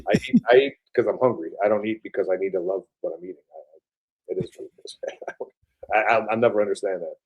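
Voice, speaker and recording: A man's voice: fairly low pitch, quick pace, slightly rough, lo-fi sound. A man in his forties, a military veteran with a Buffalo accent mixed with Southern, talking casually in an interview with lots of fillers and restarts. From upstate New York. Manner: rambling, filler-heavy, frequent restarts, casual swearing.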